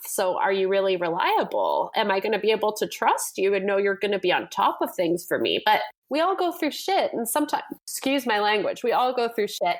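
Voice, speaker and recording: A woman's voice: mid-range voice, a bit bright. A young adult woman from Montreal, a guest copywriter, talking candidly in an earnest, coaching tone in a casual podcast conversation. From Canada, Montreal.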